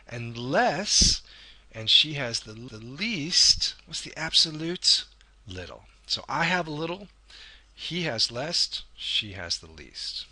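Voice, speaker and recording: A man's voice: mid-range voice, big pitch swings, slow pace, pushed and bright, slightly rough. A man teaching an English grammar lesson, patiently explaining and drawing out key words as he goes. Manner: patient, stretches key words, corrects himself. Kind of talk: recorded video lesson.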